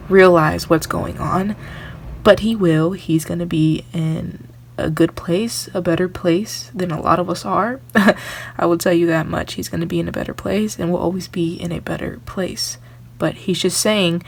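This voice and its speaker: A woman's voice: lowish voice, creaky, a little hiss or hum. A young woman doing a medium reading on her vlog, earnest and rambling, full of "you know" fillers. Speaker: tarot reader.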